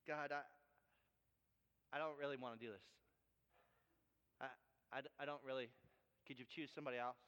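A preacher doing a hesitant, pleading Moses. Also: male voice, medium pitch, steady tone, normal speed, pauses often, fairly bright tone, smooth, voice pushed down, lightly acted. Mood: reluctant. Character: Moses, reluctant excuse-making older Hebrew man. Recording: long hall reverb.

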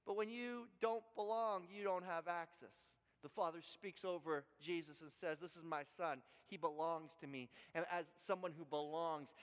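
Preaching in an echoey hall captured with dull, lo-fi sound, a Canadian pastor relates a personal story in an earnest manner. His high-pitched male voice is a bit bright, and he keeps repeating and restarting words.

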